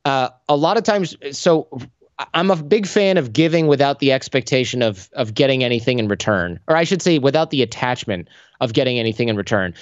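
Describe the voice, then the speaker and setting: Male podcast guest, lively storyteller, dry close sound, slightly lo-fi. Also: mid-range voice, brisk, no room sound. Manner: animated storyteller acting out dialogue. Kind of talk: conversational interview.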